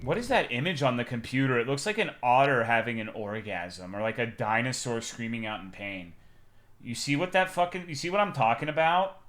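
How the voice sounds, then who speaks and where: A man streaming a game, talking casually in a rambling, profane, excitable way, swinging from loud bursts to mumbled asides. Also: mid-range voice, a little fast, slight background noise. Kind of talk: casual live-stream gameplay commentary.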